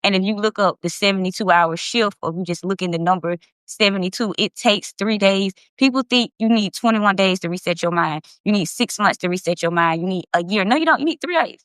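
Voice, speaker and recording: A woman's voice: medium pitch, fairly even intonation, a little fast, a bit bright, clear, resonant tone, dry recording. A woman of about thirty hosting a casual livestream, talking in an emphatic, impassioned way and swearing freely. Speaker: livestream host.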